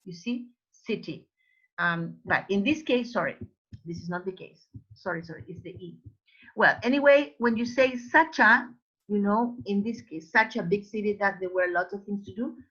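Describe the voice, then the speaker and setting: A woman who speaks Spanish natively walks her students through grammar exercises in an online class. She talks at an ordinary pitch and keeps checking that they follow. The audio is a little dull and lo-fi. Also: a bit bright. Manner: explanatory, with many "you know" and "right?" checks. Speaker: English teacher.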